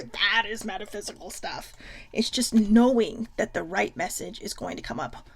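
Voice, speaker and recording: A woman's voice: mid-range voice, lively intonation, normal speed, husky. A woman hosting a casual self-love livestream, chatty and frank, swearing freely. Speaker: host.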